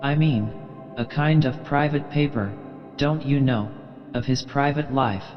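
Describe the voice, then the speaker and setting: A man's voice: mid-range voice, a little slow, big-room sound, natural voice. Earnest fussy young gent, hesitant and pleading, read by a man; dull tone, faint music.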